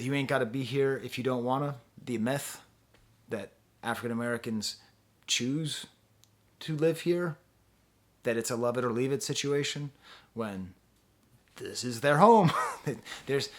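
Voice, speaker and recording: A man giving a casual spoken album review, musing and hesitant, often laughing between thoughts. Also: mid-range voice. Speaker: music reviewer.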